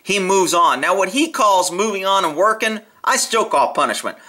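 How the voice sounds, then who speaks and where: A man's voice: high-pitched, expressive, normal speed, crowd noise. Blunt, profane man commenting on a video. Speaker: video commentator on horse training. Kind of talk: casual spoken commentary over a video.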